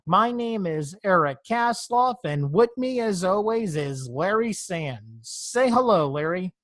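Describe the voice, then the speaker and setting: A man hosting a podcast in relaxed, chatty conversation. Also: high voice, slow, no echo. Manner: relaxed, chatty, laughs easily. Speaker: podcast host. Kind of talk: casual chat.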